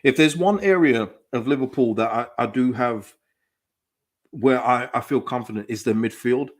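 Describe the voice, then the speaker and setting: A man with a medium-pitched voice talks at a moderate pace while hosting a live football watchalong stream. He's excitable and casual, reading out viewers' chat comments and laughing often as he reacts live.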